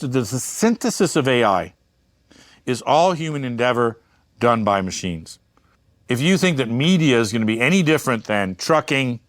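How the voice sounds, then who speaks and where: A man's voice: mid-range voice, no echo, studio quality. A man giving a candid interview, talking bluntly and emphatically, swearing freely and wandering into asides. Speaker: media entrepreneur and interview guest.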